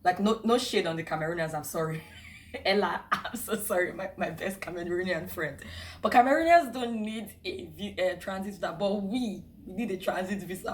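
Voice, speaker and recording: Animated Nigerian woman telling a story. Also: lowish voice, moderate pace. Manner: chatty and animated, many fillers and laughs. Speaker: travel vlogger. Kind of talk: casual storytime.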